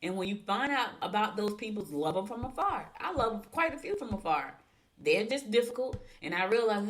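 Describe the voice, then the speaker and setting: A woman's voice: mid-range voice, sing-song, normal speed, a bit bright. A woman hosting a radio show, chatting emphatically through horoscopes and gossipy news stories. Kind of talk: casual radio talk and horoscopes.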